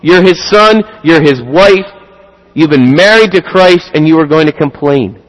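A man's voice: on the high side, lively intonation, a little slow. A man preaching a sermon in an earnest way, driving points home with repeated rhetorical questions. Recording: long hall reverb.

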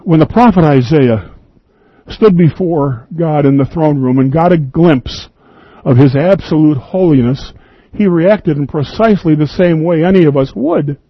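A man's voice: on the high side, breathy edge, dry recording, muffled recording. A man preaching an earnest, emphatic radio sermon, reading scripture and quoting at length.

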